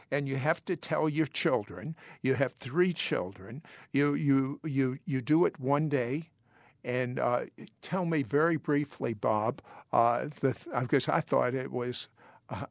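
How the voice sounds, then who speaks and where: A man hosting an interview, asking probing questions with many halting restarts. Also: medium pitch, vocal fry, no echo, studio quality. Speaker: host.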